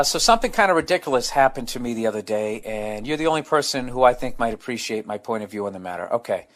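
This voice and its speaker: A man's voice: a little high, a bit bright. A man hosting a comedy podcast, reading a listener letter aloud and ranting about it in a profane, blunt way with stumbling asides.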